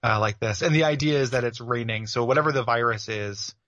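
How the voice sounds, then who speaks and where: A podcast co-host chats casually about a video game, rambling and packing his speech with filler words. His mid-range voice is fairly bright and fairly quick. The recording has no echo, but the highs are cut off.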